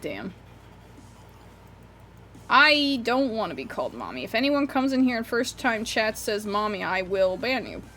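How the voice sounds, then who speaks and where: A woman's voice: medium pitch, sing-song, measured pace, long pauses, bright, forceful tone, slight background noise. A young woman streaming from her room, chatting casually, rambling, swearing freely and cutting off words. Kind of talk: casual livestream chat while drawing.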